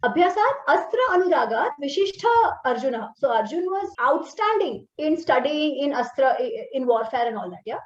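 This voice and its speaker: A woman's voice: high voice, very animated, moderate pace, few pauses. A woman with an Indian English accent, an author being interviewed, explaining her argument emphatically and conversationally. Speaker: author guest. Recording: roomy, slightly dull audio.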